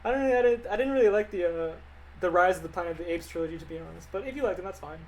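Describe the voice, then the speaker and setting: A man's voice: high voice, racing, darkish tone, low-quality recording. Offhand young man chatting on a livestream. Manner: rambling, offhand, joking, with restarts. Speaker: animator streaming live. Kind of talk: casual livestream chat answering viewer questions.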